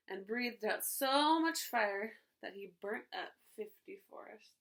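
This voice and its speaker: A woman, a preschool teacher, reading a storybook aloud to children in an animated way, pausing to ask them questions. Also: mid-range voice, poor audio. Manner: animated, asks listeners questions.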